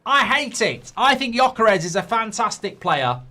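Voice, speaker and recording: A man's voice: high voice, big pitch swings, moderate pace, bright, forceful tone. A middle-aged man hosting a live football watchalong, ranting and swearing, mocking people in whiny voices and reading chat messages aloud.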